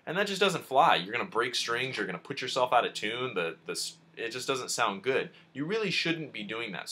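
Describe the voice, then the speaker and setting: Bright-voiced casual male guitar teacher. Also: lowish voice. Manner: chatty, informal, talks to the viewer directly. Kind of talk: casual video lesson. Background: guitar playing.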